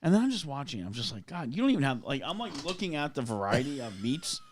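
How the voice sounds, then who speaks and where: A man hosting a loose podcast conversation. He rants and swears his way through a story, and his pitch swings widely as he acts out both sides. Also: quick pace, crowd noise. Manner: animated ranting storyteller, swears a lot. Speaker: podcast host. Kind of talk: casual chat.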